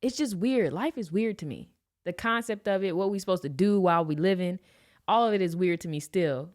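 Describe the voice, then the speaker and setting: A woman in her late twenties from Los Angeles, telling a personal story on a podcast in a slangy, animated way and acting out the scenes. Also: on the low side, a little fast. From Los Angeles, USA. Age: 20s. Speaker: podcast host. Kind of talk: casual storytelling.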